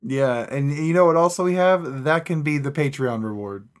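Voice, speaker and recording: A man's voice: a little high, normal speed. A man co-hosting a podcast, blunt and joking, swearing freely in casual chat. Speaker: podcast co-host.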